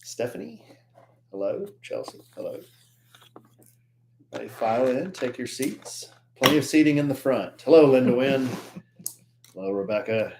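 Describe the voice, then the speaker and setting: A playful man co-hosting a live-streamed podcast, greeting viewers one by one with a lively, swooping voice. He keeps the chat loose and jokey. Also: mid-range voice, normal speed, long pauses, noisy background. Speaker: podcast co-host.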